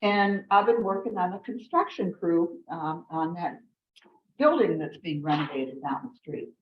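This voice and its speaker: A woman's voice: on the low side, lively intonation, unhurried, slight background noise. A woman telling a joke voices a polite, chatty male duck who works as a plasterer, dry and matter-of-fact. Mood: dry cheerful. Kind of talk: telling a joke at a club meeting. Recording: echoey room, dull sound.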